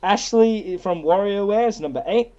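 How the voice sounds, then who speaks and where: A co-host in casual gaming podcast chat, relaxed, reading out lists and laughing often. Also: mid-range voice, normal speed, lo-fi sound.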